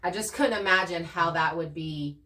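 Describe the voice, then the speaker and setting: A woman co-hosting a channel, casually talking through her experiences in an earnest, animated way. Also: on the low side, normal speed, distant mic, a little hiss or hum. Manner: earnest, animated storytelling with laughs. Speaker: channel co-host. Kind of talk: casual conversation.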